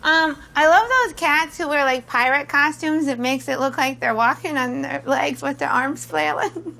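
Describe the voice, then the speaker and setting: A comedian in her thirties with a central Pennsylvania twang, giving dry, deadpan one-liners in a quick-fire interview. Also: sits high, gravelly, low-quality recording.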